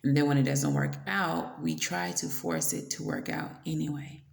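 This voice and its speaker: A woman giving a casual tarot reading, blunt and playful, swearing now and then between soft fillers. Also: low voice, big pitch swings, moderate pace, gravelly, roomy sound. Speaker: tarot reader.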